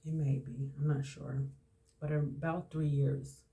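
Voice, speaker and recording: Low mellow-voiced woman around 40 venting her story on her podcast, real candid, says stuff twice. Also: flat delivery, a little slow. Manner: candid, emotional, repeats herself. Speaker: podcast host. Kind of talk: personal storytelling monologue.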